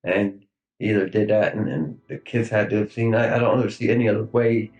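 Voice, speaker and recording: A man in his thirties speaking in a recorded police interview, halting and grief-stricken, with many fillers and trailing pauses. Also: lowish voice, steady tone, darkish tone, dull audio, soft background music. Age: 30s.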